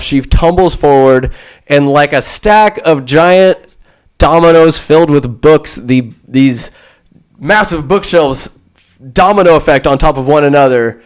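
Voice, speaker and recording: A man hosting a podcast, recapping a film in a rambling, casual way with crude asides and quick quoted voices. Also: on the high side, clean tone. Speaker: podcast host. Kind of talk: comedic movie recap.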